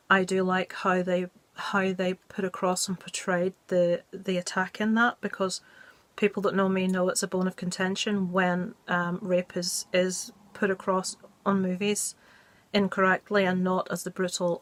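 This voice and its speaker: Woman, middle pitch, casual horror-vlog chat, blunt and joking, dry close sound. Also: fairly bright tone, dry recording. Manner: blunt, jokey, opinionated. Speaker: movie review vlogger.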